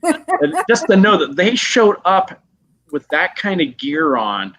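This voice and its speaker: A middle-aged man, a guest actor, telling stories casually in an animated way, acting out voices and laughing often. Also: high-pitched, slow.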